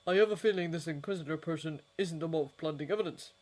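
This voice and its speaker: A woman voicing a brisk, sarcastic male wizard investigator in a fanfiction audiobook. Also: fairly high pitch, lightly acted. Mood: grim.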